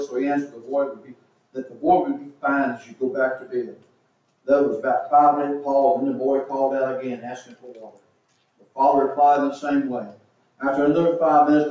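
A man's voice: mid-range voice, dark tone. A man preaching a sermon as pastor, telling jokes with the congregation laughing, then reading scripture aloud. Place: church sanctuary. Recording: echoey church room, distant mic, dull sound.

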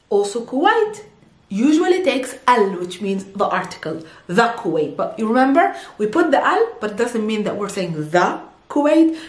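Native Arabic-speaking woman from Palestine, patient language teacher with a lively delivery, recorded in an echoey room. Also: a little high. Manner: explains patiently, repeats words slowly for pronunciation. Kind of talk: video language lesson.

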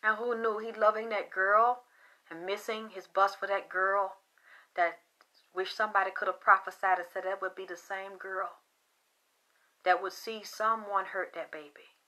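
A woman hosting a video, telling a rambling conspiracy story in an animated, conspiratorial way that swings between loud and soft. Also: medium pitch, moderate pace. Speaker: video host.

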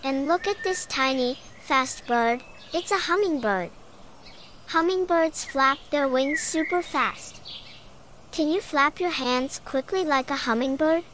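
Woman, high voice, unhurried, scripted children's narration, encouraging, invites kids to join in. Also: a little hiss or hum. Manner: bright, encouraging, asks the listener to join in.

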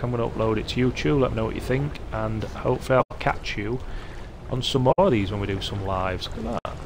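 A man giving chatty, excitable live commentary as he plays a game, talking himself through each step. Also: lowish voice, creaky. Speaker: streamer. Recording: loud game noise under voice.

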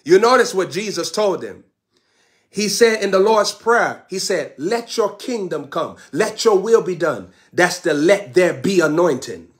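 Fervent high-voiced male preacher. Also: lively intonation, a little slow. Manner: fervent, repetitive declarations, speaks in tongues. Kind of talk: sermon.

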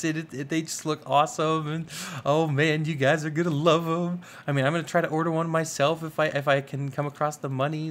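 A young man giving casual, rambling commentary over a modded block-building game, excitable and full of fillers. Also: on the high side, a little hiss or hum. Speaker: gaming YouTuber. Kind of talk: casual Minecraft let's play commentary.

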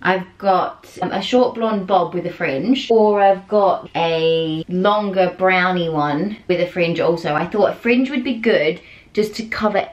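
A woman's voice: lowish voice, unhurried, lo-fi sound. A young Australian woman chatting casually to camera in a bubbly, giggly way from a small indoor room. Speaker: vlogger. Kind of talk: casual vlog chat.

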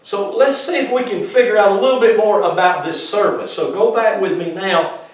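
A man teaches from the Bible in a sermon, speaking emphatically and directly questioning his congregation. His voice is high at normal speed, recorded from far off in a very echoey congregation room.

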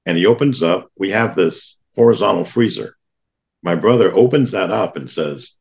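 Middle-aged male guest, deep and gravelly, earnest plain storytelling. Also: animated, normal speed, darkish tone, dull audio. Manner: earnest, plainspoken recounting of childhood memories. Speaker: podcast guest. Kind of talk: storytelling in an interview.

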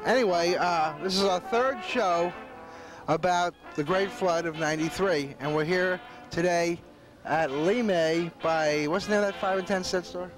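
A man's voice: high voice, a little slow, over music. Folksy rambling man hosting a talk show. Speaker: host. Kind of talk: casual on-location talk show.

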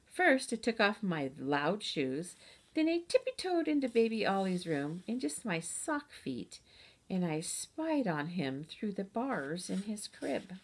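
A woman reading a storybook aloud in the voice of a chatty, boastful kindergarten girl who tells her own story with lively, childlike grammar. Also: mid-range voice, measured pace, husky, exaggerated voice. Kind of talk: audiobook reading.

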